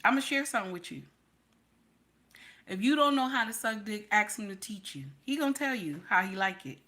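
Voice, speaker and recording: A woman with a medium-pitched, expressive voice talks a little fast in a pushed, bright way. She's a livestream host advising women, giving blunt, preachy guidance, repeating herself for emphasis, and chatting with her audience while reading names.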